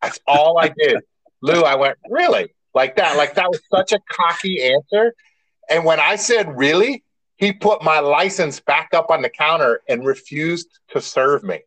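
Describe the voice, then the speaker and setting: A man's voice: on the high side, moderate pace, fairly bright tone, low-quality recording. A man co-hosting a podcast in casual chat, a rambling storyteller who restarts often and swears mildly. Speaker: podcast co-host.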